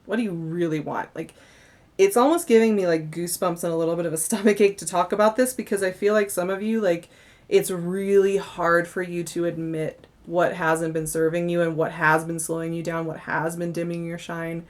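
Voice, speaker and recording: A young woman talks through a monthly tarot reading in a chatty, effusive way, full of little laughs and fillers. She sounds a bit tired. Her voice sits somewhat low. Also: level tone, normal speed. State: yawning, tired. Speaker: tarot reader.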